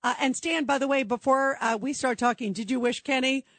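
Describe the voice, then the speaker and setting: A woman's voice: sits high, a little fast, no echo. A woman hosting a call-in radio talk show, emphatic and opinionated, cutting in on callers.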